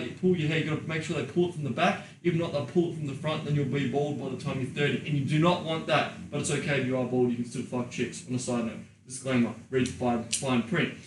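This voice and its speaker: Crude swearing guy on a podcast, kinda far from the mic, echoey room, little bit of hiss. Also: a little high. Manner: crude, profane, animated. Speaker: podcast co-host and sex coach. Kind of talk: casual podcast chat.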